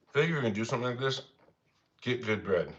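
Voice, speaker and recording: A man's voice: expressive, very fast, fairly bright tone. A young man hosting a casual cooking livestream, chatting easily with viewers and talking to his dogs. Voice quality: easygoing, rambling and chatty. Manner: talks to his dogs in a higher voice. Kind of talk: casual live chat with viewers. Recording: slightly dull lo-fi sound.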